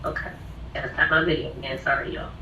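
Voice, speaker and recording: A woman's voice: extremely low pitch, steady tone, quick pace, vocal fry, noisy background. A woman, reciting her own spoken word poem in a rhythmic, declamatory way on a video call. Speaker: poet in a group call. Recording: distant, dull echoey call audio.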